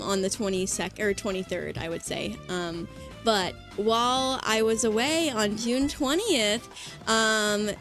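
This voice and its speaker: A woman VTuber chatting casually on a livestream, excitable and rambling with lots of fillers. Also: fairly high pitch. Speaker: VTuber streamer.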